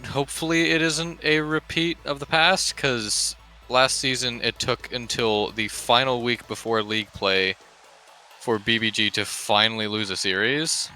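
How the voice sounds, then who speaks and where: A man on a podcast panel giving quick opinions. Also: mid-range voice, steady tone, sharp tone, faint music behind. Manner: quick, with short laughs. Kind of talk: casual podcast chat.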